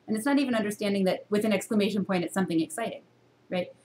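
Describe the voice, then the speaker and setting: A woman teaching a university reading course in a recorded lecture to a camera, asking her students many questions and jumping up in pitch to stress her points. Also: very fast, a little hiss or hum. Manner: teacherly, full of rhetorical questions; expressive jumps in pitch for emphasis.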